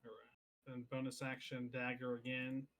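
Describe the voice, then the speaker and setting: A man plays in a tabletop game with a bright, clear voice in the middle of the usual range. He states his actions in a plain, matter-of-fact way. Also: medium pitch, monotone. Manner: matter-of-fact, quick about his turn.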